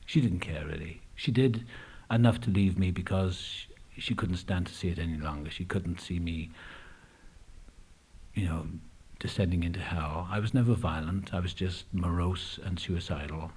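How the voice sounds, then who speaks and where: A man's voice: deep voice, normal speed, darkish tone, husky. A man telling his recovery story at a meeting, candid and reflective, with frequent hesitations. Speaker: AA speaker. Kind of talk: personal recovery talk. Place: meeting room.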